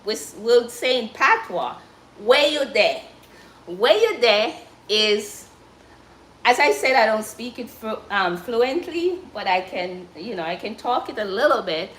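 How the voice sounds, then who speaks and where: Jamaican woman hosting a cooking live stream; encouraging, calls everyone guys; slightly high voice, echoey room. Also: lively intonation, normal speed, few pauses, a bit bright. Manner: chatty, encouraging, addresses viewers as guys. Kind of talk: casual live-stream chat while cooking.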